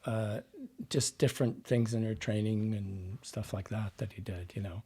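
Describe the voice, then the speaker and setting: A man's voice: lowish voice, fairly even intonation, moderate pace, mellow, husky. A man, a dialect coach and actor, explaining at length in a casual podcast interview and drifting off into side topics. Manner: explains at length, wandering and digressive.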